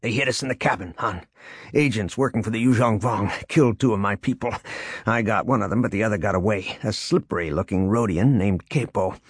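A man voicing a wounded male intelligence officer who speaks in a raspy, urgent way. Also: fairly low pitch, fairly quick, dry recording, studio quality.

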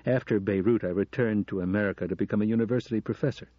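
A man voicing a middle-aged American professor who speaks in a quiet, earnest, confessional way. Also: fairly low pitch, racing, no room sound, natural voice. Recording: dull lo-fi audio.

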